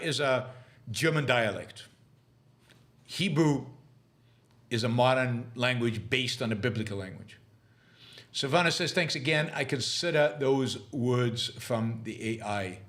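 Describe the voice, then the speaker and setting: Middle-aged male host, live Q&A, argumentative, stumbles and restarts often, mid-pitched. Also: fairly bright tone. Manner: halting with many restarts and fillers, argumentative. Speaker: podcast host answering live questions. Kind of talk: livestream commentary and Q&A.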